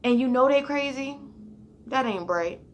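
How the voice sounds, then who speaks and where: A young woman casually telling a storytime, animated and heated, with slang and swearing, sometimes sinking to a near whisper. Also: high-pitched, unhurried, slight background noise. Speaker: vlogger.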